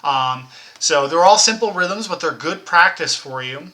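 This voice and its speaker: A man's voice: a little high, expressive, a little slow, pushed and bright. A man teaching a recorded elementary music lesson, encouraging young children, counting them in and chanting rhythm syllables.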